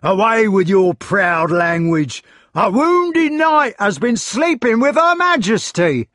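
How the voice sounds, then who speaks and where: Raging medieval knight, shrill high yells, loud and strained, storybook reading, dry sound. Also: male voice, big pitch swings, slow, no echo, exaggerated voice. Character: jealous furious medieval knight, man, middle-aged.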